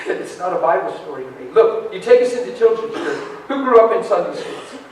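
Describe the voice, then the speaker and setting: A middle-aged man preaches with a fairly high voice, moving between near-shouts and quiet, intimate moments. He sounds distant from the microphone in a very echoey hall. A faint hiss of noise sits behind him. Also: sing-song, fairly quick. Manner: passionate, swings from shouting to hushed. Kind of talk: sermon.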